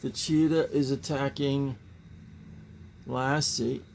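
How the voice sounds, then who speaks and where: A man's voice: medium pitch, level tone, slow pace, gravelly, darkish tone, a little hiss or hum. A man hosting a casual show-and-tell about his comic book collection, rambling and musing with sighing asides.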